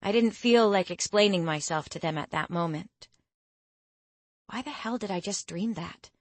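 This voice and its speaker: A woman reading a fantasy story aloud in first person, measured and expressive. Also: medium pitch, no room sound. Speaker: audiobook narrator. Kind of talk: scripted first-person narration.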